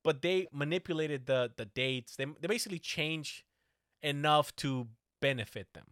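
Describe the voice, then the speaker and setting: A man's voice: a little high, moderate pace, fairly bright tone, dry recording, studio quality. A man in casual talk, telling a story animatedly, swearing often and acting out the quotes. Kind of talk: casual podcast chat.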